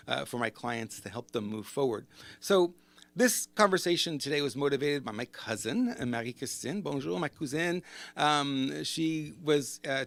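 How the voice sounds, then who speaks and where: A middle-aged man talks straight to his listeners in a solo podcast, wandering off on asides and asking rhetorical questions as he goes. His voice sits at an ordinary middle pitch, and the recording is dry and close, with no room sound. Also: fairly bright tone, dry recording. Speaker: business coach and podcast host.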